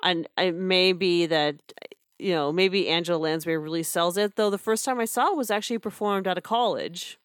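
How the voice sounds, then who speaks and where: A woman's voice: on the low side, brisk, dry recording, studio quality. A woman co-hosting a casual podcast chat, chatty, with frequent laughs and restarts. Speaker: podcast co-host reviewing theater.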